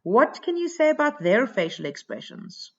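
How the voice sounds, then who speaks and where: A woman teacher giving a recorded lesson, thinking aloud as she goes and pausing often with fillers. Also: on the high side, very animated, lo-fi sound.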